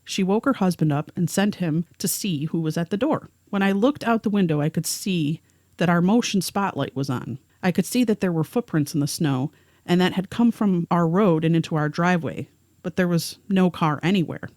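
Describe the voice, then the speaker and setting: A woman's voice: on the low side, moderate pace, a little mellow, no room sound, studio quality. A woman co-hosting a podcast, narrating a first-hand story and reading the witness's words aloud. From rural area. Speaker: podcast co-host.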